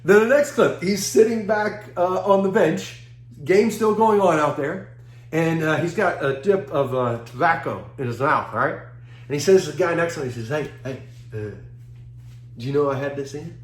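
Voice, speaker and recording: A man with a fairly high voice gives a seminar talk, spinning lively anecdotes and chuckling as he acts out what others said. The room around him is echoey and roomy. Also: moderate pace. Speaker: seminar speaker.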